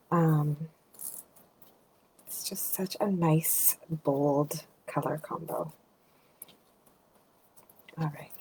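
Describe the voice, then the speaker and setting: A woman with a lowish voice walks through a card-making project in a relaxed, chatty way, talking to herself as she trims and ties. Now and then she sinks into a quiet murmur. A faint hiss runs under her voice. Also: poor audio. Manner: chatty, thinking aloud while working, drifts into soft murmurs. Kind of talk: casual craft tutorial narration.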